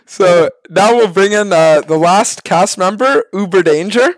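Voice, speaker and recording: A man with a high voice hosts a casual online dating show, steering the guests along. He sounds relaxed, and his voice is close and dry. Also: a little slow, dry recording, low-quality recording. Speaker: host.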